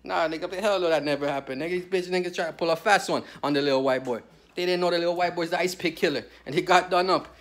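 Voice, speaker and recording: A man's voice: fairly high pitch, fast, a bit bright. Profane, ranting man telling a story. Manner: crude, heated, peppered with "bro". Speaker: vlogger telling a prison story.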